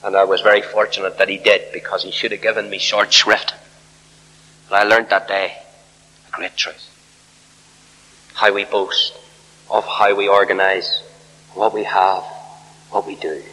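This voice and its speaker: An older man preaching a sermon, emphatic, swinging from loud peaks to quiet low lines. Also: measured pace, long pauses, slightly rough, in a large hall, low-quality recording. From Northern Ireland.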